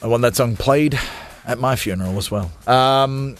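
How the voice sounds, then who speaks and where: A man hosting a live radio show, joking and teasing upcoming segments in a self-mocking, energetic way. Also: mid-range voice, normal speed, music in the background. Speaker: radio host.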